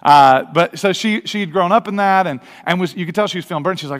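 Fast-talking man preaching in a hall. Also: a little high. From American Midwest. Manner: energetic, conversational, many restarts and acted-out quotes. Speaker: pastor. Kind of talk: sermon with personal stories. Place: church sanctuary. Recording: long reverb of a large hall.

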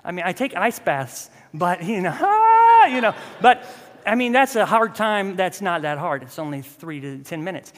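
A man's voice: high voice, expressive, normal speed, a bit bright. A man in his thirties preaching a casual, humorous sermon, acting out bits of his stories. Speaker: pastor. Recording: long reverb in a hall.

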